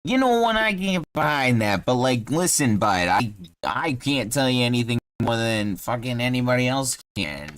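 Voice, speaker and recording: A man voicing a brash male tough guy with a put-on Boston accent, loud and swearing. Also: medium pitch, sing-song, moderate pace, clear, resonant tone, dry recording.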